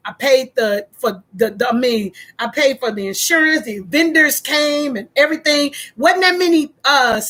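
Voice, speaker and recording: A middle-aged woman telling a personal story in a vlog, speaking slowly and haltingly with many pauses and fillers. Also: high-pitched, a bit bright. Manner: emotional, fighting back tears. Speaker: vlogger.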